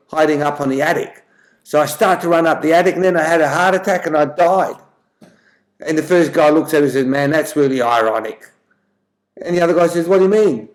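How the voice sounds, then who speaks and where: A man hosting a show and telling jokes in a chatty way, lightly mimicking the characters. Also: fairly high pitch. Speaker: joke-telling host. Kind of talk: casual joke telling. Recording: echoey room.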